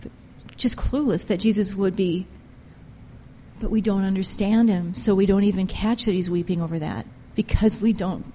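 A woman's voice: medium pitch, normal speed, slight background noise. Impassioned woman preaching in a reverberant hall. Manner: impassioned, emphatic, rises and drops sharply in loudness. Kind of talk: sermon.

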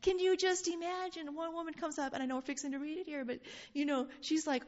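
Animated woman teaching the Bible, lo-fi. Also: high voice, quick pace. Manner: animated, laughing often, reading scripture aloud. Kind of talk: informal Bible study teaching. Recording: dull lo-fi sound.

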